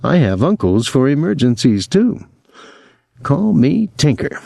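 A man voicing a defiant teenage boy who answers with calm, mocking sarcasm. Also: medium pitch, measured pace, gravelly, no room sound, pitched above the performer's own voice, exaggerated voice. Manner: mocking, placid, dry sarcasm.

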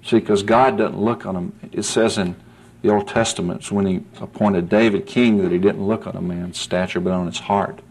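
A man's voice: on the low side, fairly even intonation, moderate pace, a little mellow. Guy preaching, earnest and folksy, keeps saying see, voice climbs when he gets going. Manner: earnest, rising to emphatic peaks; folksy, asks "see?" often. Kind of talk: sermon.

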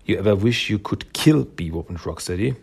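A blunt, edgy young turtle girl from a comic, as a man reads her out, speaking flatly in a slightly lower voice. The tone is husky with a gravelly edge. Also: a little fast, full character voice.

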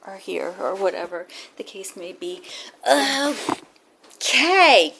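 A woman's voice: medium pitch, lively intonation, takes it slowly, creaky, fairly bright tone. A woman chats casually as co-host, teasing and easygoing. Her home recording carries a faint hiss behind her voice. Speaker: co-host, listener. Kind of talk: casual chat.

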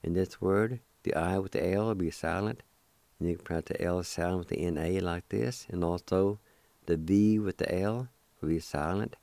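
A middle-aged man hosting a radio language lesson, patiently spelling out letters one by one and repeating each word slowly. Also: sits low, creaky, warm tone, no echo. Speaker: radio host teaching the language.

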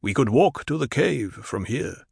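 A man voicing a gruff, slow desert chieftain. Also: mid-range voice, expressive, a little mellow, no echo, clean studio sound, full character voice. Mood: plain. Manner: slow, formal and measured. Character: stern gruff male desert tribal leader. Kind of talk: audiobook character reading.

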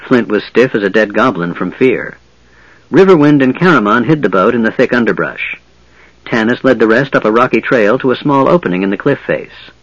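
A man narrates a fantasy audiobook in a steady, measured delivery at a middle pitch. The recording is dry and a little dull. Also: no echo.

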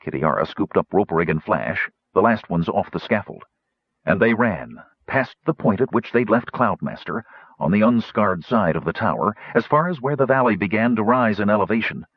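A man narrating a fantasy audiobook in a dramatic, measured storytelling manner. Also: on the low side, lively intonation, breathy edge, dry recording. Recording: dull lo-fi dry recording.

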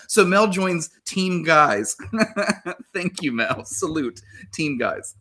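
A man's voice: on the high side, animated, slow, sharp tone. A man hosting a casual comedy podcast, reading listener answers aloud and laughing often.

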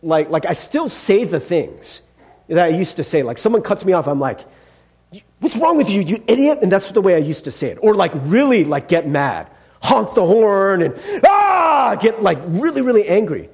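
A man's voice: high-pitched, big pitch swings, normal speed, a little mellow, breathy edge. A male pastor preaching a sermon in a conversational way, often checking in with "right?" and acting out angry drivers. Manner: acts out angry driver outbursts.

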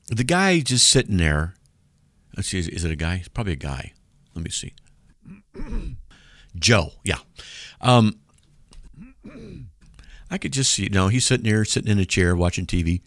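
A man's voice: on the low side, big pitch swings, a little slow, pauses often, fairly bright tone, dry recording, studio quality. A man hosting a radio show, reading listener letters aloud and mocking them in a wry, casual way.

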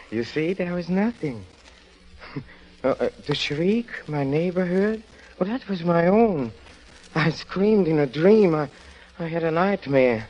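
A giggling, stammering murderer on the edge. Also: male voice, a little high, lively intonation, takes it slowly, long pauses, darkish tone, lo-fi sound. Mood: uneasy. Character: guilt-crazed middle-aged man, nervous, unravelling murderer. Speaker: guest actor. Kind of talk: 1940s radio drama monologue.

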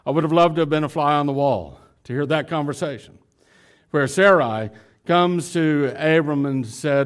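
A male pastor preaching a sermon, animated and talking straight to his congregation. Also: fairly high pitch, moderate pace, clear, resonant tone. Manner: animated, acts out dialogue; addresses congregation directly.

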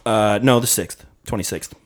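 A man's voice: on the low side, normal speed, crowd noise. A man co-hosting a podcast, talking in rambling, profane casual banter. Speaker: podcast co-host.

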